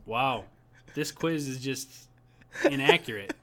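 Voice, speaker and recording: A man's voice: medium pitch, animated, takes it slowly, gravelly, fairly bright tone. A young man from Minnesota co-hosting a casual chat, joking, laughing often and swearing offhandedly. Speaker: podcast co-host.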